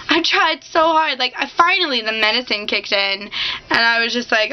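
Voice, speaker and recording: A woman's voice: high-pitched, steady tone, moderate pace, highs cut off. A woman in her thirties ranting casually to camera in a confessional vlog, exasperated and frank. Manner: exasperated, swings into mock sobbing. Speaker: vlogger.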